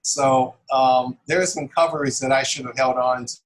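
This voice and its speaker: A man's voice: medium pitch, moderate pace, low-quality recording. A middle-aged man, a comic book artist, talking casually as an interview guest and chuckling as he tells anecdotes. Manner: animated, chuckles while telling anecdotes. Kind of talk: casual storytelling.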